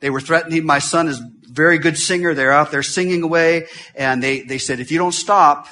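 A middle-aged man preaching a sermon as a visiting pastor in a church, talking fast and swinging from loud bursts to hushed, quiet stretches. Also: on the high side.

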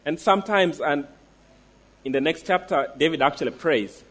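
A man preaching a sermon, emphatic, slowing down to stress declarations and asking the listeners direct questions. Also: on the high side, a bit bright.

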